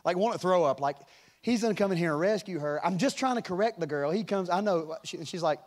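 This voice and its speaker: A middle-aged male pastor preaching a sermon, telling a family story with chuckles and animated delivery. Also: sits high, fast.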